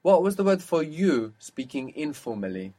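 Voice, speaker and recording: A man's voice: a little high, sing-song, mellow. Patient man teaching a language lesson. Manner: patient, explanatory, slows down to model words. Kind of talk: one-to-one spoken language lesson.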